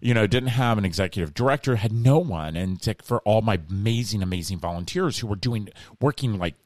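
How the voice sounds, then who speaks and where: A middle-aged man, a guest in a casual interview, telling a story in an animated way and acting out the voices of the people he quotes. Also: lowish voice, fairly quick, no room sound, studio quality.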